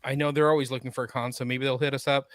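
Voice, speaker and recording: A man's voice: mid-range voice, level tone, very fast. A man co-hosting a casual pop-culture podcast, chatting enthusiastically and cracking jokes. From Sacramento area. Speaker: podcast co-host.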